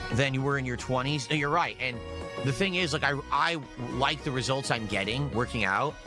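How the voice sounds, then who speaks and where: A man streaming and talking casually to his viewers, animated and mocking his critics. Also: mid-range voice. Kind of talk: casual livestream talk.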